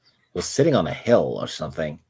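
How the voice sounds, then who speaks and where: Deep-voiced man, hesitant casual talk. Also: big pitch swings, a little fast, dark tone, husky. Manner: hesitant, with many "uh"s and repeated words. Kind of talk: casual chat.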